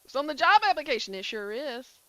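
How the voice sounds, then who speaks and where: A woman chats casually with her stream as she plays, peppering her talk with filler likes. Her voice sits a little high and comes across bright and forceful. The sound is dry and close. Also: animated, a little fast, no room sound, low-quality recording. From southern United States. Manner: chatty, answers chat, many filler likes. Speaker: gaming streamer. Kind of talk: casual chat while streaming a game.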